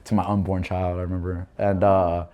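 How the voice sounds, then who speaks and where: A man's voice: low-pitched, a little fast. A young man, a podcast guest telling a personal story casually, with lots of fillers and acted-out quotes. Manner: animated storytelling, acting out quoted voices, many fillers.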